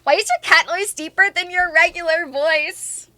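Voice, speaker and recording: Young woman streamer, bubbly and teasing, bright sharp voice, close dry mic. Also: extremely high pitch, normal speed, no room sound. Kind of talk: casual livestream chat reading comments.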